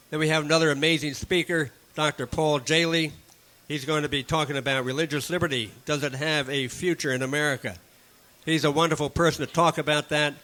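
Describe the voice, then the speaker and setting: A man announcing upcoming speakers and an event, talking in a halting way with many fillers. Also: a little high, pushed and bright. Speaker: event organizer making announcements.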